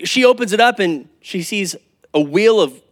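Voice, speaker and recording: A man preaching a sermon as pastor, telling a lively story with asides. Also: high-pitched, normal speed.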